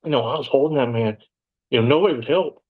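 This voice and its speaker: A man, an interview guest telling his story in blunt, profane conversation and bursting out loudly when he quotes himself. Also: mid-range voice, fast, narrow, tinny audio. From Texas, USA.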